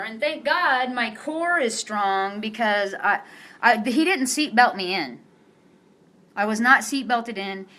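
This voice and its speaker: Bright-voiced woman telling a story. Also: medium pitch. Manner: animated storyteller, acts out quotes. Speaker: vlogger recounting a police raid. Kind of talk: casual chat.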